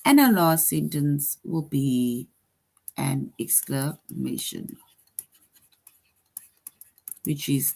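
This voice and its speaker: A woman teacher giving an online lesson to second graders, slowly reading example sentences aloud and explaining each one. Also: low voice, vocal fry, a little mellow. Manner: slow, deliberate, reads example sentences aloud.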